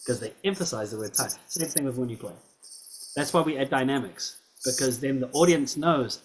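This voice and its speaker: A man's voice: medium pitch, fairly quick. A man giving a student feedback in a recorded piano lesson, encouraging, often checking in with "right?" and "yeah?". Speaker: piano teacher.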